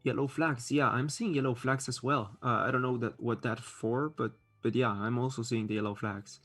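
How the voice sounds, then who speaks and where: This male streamer, whose first language isn't English, reads chat and gives casual live-stream commentary in a chatty, hesitant way with many fillers and restarts. His voice is medium-pitched, steady, fairly bright and husky, at normal speed, with faint music underneath.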